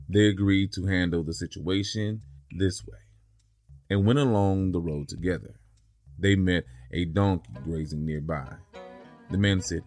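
A man hosting a folktale podcast as its teller of tales, narrating in a soft, measured way. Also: low voice, fairly even intonation, faint music behind. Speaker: storyteller host. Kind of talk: scripted narration.

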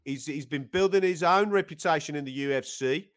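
A man's voice: fairly high pitch, fairly quick, pitched below the performer's own voice, natural voice. A man voicing a laid-back male fight matchmaker with a put-on Australian accent, easygoing and matey.

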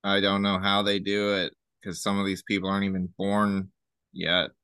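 A man talking as a podcast guest, earnest and halting, often restarting his sentences. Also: low-pitched, monotone, pushed and bright, clean tone, dry recording. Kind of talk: casual chat.

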